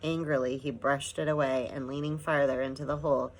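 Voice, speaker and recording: A woman narrating a children's storybook in a measured, gentle way. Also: rumbling low, little pitch movement, a little hiss or hum, poor audio. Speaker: audiobook narrator.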